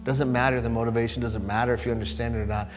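Guy preaching a sermon, chatty and lively, asks the crowd questions, echoey church hall. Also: medium pitch, very fast, music in the background. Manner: conversational, animated, asks the listeners questions. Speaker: pastor. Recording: long hall reverb, faint hum.

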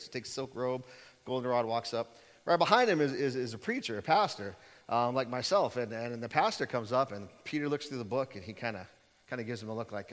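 A man's voice: mid-range voice, fast talker, a bit bright. A man preaching a sermon in a conversational, storytelling way, acting out the people in his stories. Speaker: pastor. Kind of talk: sermon with a joke. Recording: long hall reverb.

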